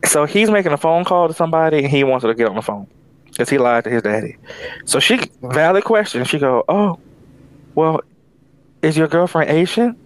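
A young man co-hosting a podcast, an animated storyteller with sassy asides in casual chat. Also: mid-range voice, fast, clean tone. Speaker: podcast co-host.

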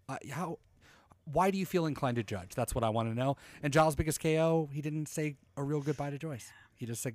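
Young man, podcast co-host, sarcastic, animated, dry close sound. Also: a little high, a little fast, dry recording. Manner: animated, sarcastic, swearing freely. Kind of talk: casual chat.

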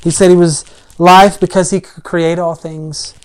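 A preacher giving a conversational sermon. They retell a story in plain, everyday words, using frequent "like" and "I mean", and get louder on the key points. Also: medium pitch, little pitch movement, measured pace, clear, resonant tone.

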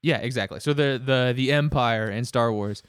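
A man chatting casually, rambling with halting restarts and laughing as he goes. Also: medium pitch, smooth, dry recording, clean studio sound. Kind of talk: casual chat.

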